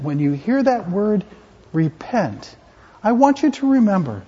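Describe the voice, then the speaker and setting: High-voiced pastor giving a children's sermon. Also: male voice, very animated, normal speed, breathy edge. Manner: playful, interactive, gently teaching. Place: church sanctuary. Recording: echoey church hall, dull lo-fi.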